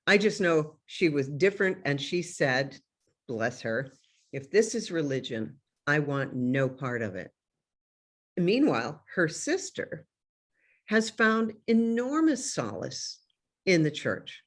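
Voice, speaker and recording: A woman doctor who is a guest in a casual interview, speaking in a reflective, measured way over a video call. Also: fairly low pitch.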